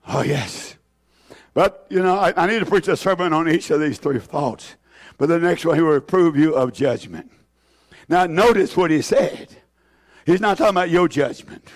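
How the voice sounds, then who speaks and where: Preacher, older man, high-pitched, hallelujah-shouting, shifts between loud and hushed. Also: normal speed. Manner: fiery, swings from shouts to hushed low lines; exclaims hallelujah often. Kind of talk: sermon.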